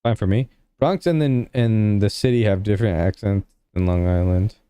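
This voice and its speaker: Smooth-voiced young man chatting to his stream. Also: lowish voice, moderate pace, warm tone, no echo. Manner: rambling, heavy use of "like" fillers; laid-back, talks to chat. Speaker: livestreamer. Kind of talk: casual livestream chat with viewers.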